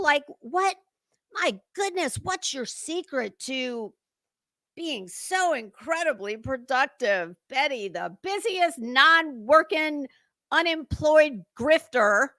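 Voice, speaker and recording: Hosting a casual livestream commentary, a woman with a high, bright, forceful voice chats with viewers in a sarcastic, mocking tone and uses plenty of fillers. The recording is dry.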